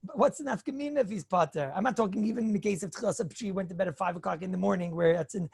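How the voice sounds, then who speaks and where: Gravelly-voiced rabbi giving a lecture. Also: male voice, high voice, fast, no room sound, clean studio sound. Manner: animated, acts out hypothetical dialogues; chuckles, frequent throat-clearing. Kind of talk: Torah lecture.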